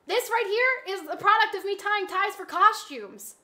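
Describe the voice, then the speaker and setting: Brash young woman streamer, bright high voice, mouthy banter with chat. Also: animated, moderate pace. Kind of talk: casual livestream chat.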